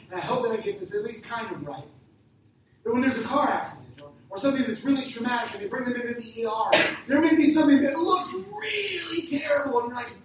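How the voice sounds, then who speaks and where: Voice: medium pitch, recorded from a distance. Conversational pastor in an echoey hall. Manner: conversational, asks the congregation questions. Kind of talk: sermon. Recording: echoey hall, speaker away from mic, faint noise.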